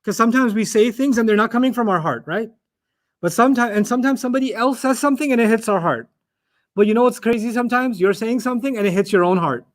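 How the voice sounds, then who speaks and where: A middle-aged man giving a conversational Quran lesson, animated and often checking in with his listeners. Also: extremely high pitch, quick pace. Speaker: Quran teacher.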